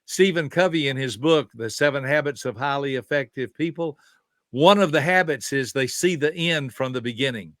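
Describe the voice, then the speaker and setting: A man in his 70s who specializes in behavior teaches in a conversational, emphatic way, asking questions he doesn't expect answered. His mid-range voice is a bit bright and moves at normal speed, recorded cleanly in a studio with no room sound.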